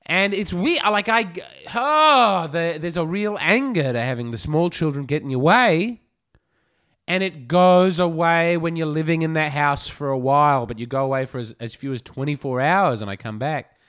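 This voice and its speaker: A middle-aged man hosts a podcast, delivering a rambling, self-mocking comic monologue that swings between loud declarations and low mutters. He's animated and smooth, at a moderate pace.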